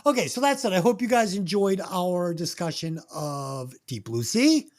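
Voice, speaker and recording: A podcast host ranting through a comedic movie review, swearing a lot, going from loud to low. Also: moderate pace. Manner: animated, swings between loud and low.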